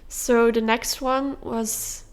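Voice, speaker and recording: A young woman hosting a podcast, telling a personal story in a candid, confessional way with soft fillers. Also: a little high, level tone, slow pace, clear, resonant tone. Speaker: podcast host.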